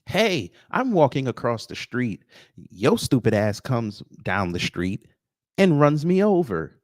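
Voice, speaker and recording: A man's voice: mid-range voice, big pitch swings, slow pace, no echo, studio quality. A man hosting a livestream, reading viewer names and commenting with a sarcastic, mocking edge. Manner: sarcastic, greets chat viewers by name. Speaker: livestream host.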